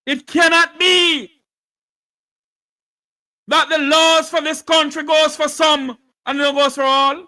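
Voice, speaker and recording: A Jamaican man giving an impassioned political speech, fiery and declamatory, often shouting. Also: extremely high pitch, flat delivery, slow, pauses often, poor audio.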